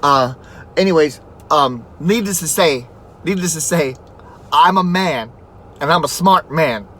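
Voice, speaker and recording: A man's voice: on the high side, animated, a little slow, pushed and bright, a little hiss or hum. A man telling a personal story in a rambling, profane, laid-back way. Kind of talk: casual spoken anecdote.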